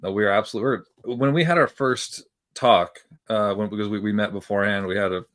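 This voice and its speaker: A man's voice: lowish voice, fast talker, fairly bright tone. A man hosting a podcast interview, talking in an upbeat, enthusiastic way and making a self-mocking aside. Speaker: podcast host.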